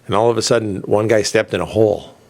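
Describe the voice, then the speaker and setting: A man's voice: on the low side, steady tone, fast talker. A middle-aged man hosting a radio show, telling a long rambling story in a casual way and laughing as he goes. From southern United States. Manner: rambling, laughs through his own story.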